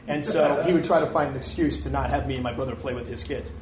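A man in his thirties from Detroit, a comedian and actor, telling animated stories in a candid live interview. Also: medium pitch, quick pace. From Detroit, USA. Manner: animated storytelling with frequent restarts and laughs. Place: live interview before an audience. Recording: echoey room, faint ambient noise.

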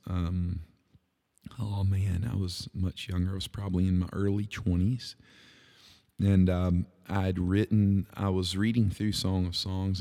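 Low gravelly man, earnest devotional talk. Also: mellow. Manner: earnest, conversational, many fillers and restarts. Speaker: podcast host and worship leader.

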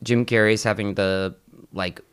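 Low-ish guy chatting on a podcast, kinda rambly, cuts in with quotes. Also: steady tone, measured pace, clean tone. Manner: rambling, restarts, throws in quotes. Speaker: podcast host. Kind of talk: casual chat recapping a show.

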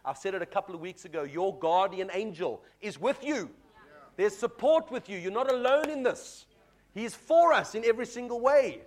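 A man's voice: high voice, animated, moderate pace. A man preaching a sermon as pastor, earnest and exhorting, often addressing the congregation as folks.

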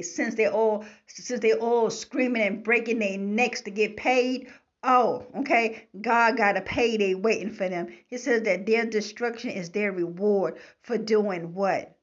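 Slow, emphatic woman preaching. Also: fairly high pitch. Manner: emphatic, repeats "okay?" to the listener. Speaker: Bible teacher. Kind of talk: preaching commentary on scripture. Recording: slightly dull lo-fi recording.

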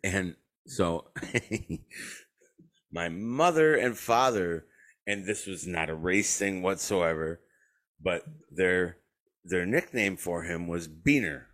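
A man with a very low voice tells a story on his podcast in a loose, casual chat. He swears freely, laughs often, and acts out the voices of the people he quotes. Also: slow pace, pauses often, a bit bright. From western New York. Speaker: podcast host. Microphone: remote call.

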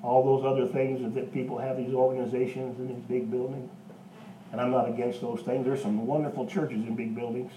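A pastor preaching a sermon in a church, with an emphatic, folksy manner and homespun asides. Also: male voice, medium pitch, little pitch movement, a little fast, dark tone, roomy sound, far from the mic, a little hiss or hum, poor audio.

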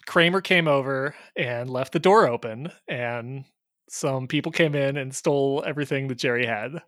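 A man's voice: mid-range voice, normal speed, fairly bright tone, no echo. A man co-hosting a podcast, recapping in a dry, matter-of-fact way. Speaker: podcast co-host. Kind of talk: casual podcast chat.

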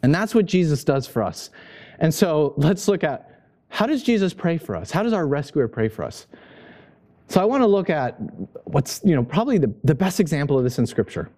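A male pastor preaching a sermon, passionate and emphatic, pushing his pitch up to stress points. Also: sing-song, normal speed, dark tone.

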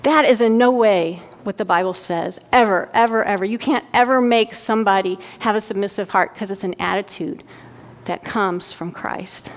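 A woman's voice: medium pitch, normal speed. Woman preaching in an echoing church. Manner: conversational, candid storytelling with frequent "right?" check-ins. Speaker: pastor's wife preaching. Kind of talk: sermon. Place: church sanctuary. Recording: church hall with long reverb.

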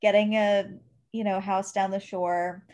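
A woman's voice: mid-range voice, level tone, measured pace, darkish tone, lo-fi sound. A woman co-hosting a casual book discussion, talking expressively and laughing often. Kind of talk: casual chat.

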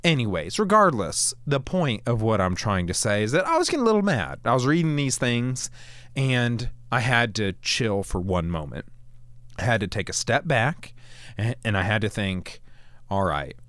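A man hosting a Christian talk show, speaking in a conversational, animated way with frequent restarts. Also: fairly low pitch, normal speed, no room sound. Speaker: podcast host. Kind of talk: casual Christian commentary.

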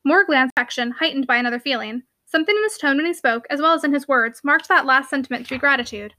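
A woman narrating a classic novel for her podcast, reading steadily and clearly. Her voice is high and bright, with a sharp, forward tone. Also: fast talker, no room sound. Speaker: podcast host and audiobook reader. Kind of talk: audiobook narration.

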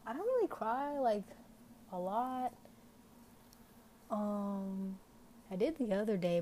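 A young woman hosts an unscripted podcast, chatting casually and candidly, rambling and using "like" a lot. Her voice is medium-pitched with a darkish tone, and there is a little hiss or hum.

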